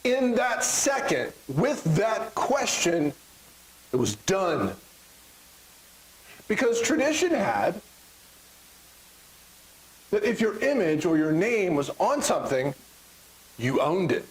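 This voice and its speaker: Middle-aged Texan man, pastor mid-sermon in church; animated, joking, does crowd voices, high and lively. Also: takes it slowly, pauses often, rough recording. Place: church sanctuary.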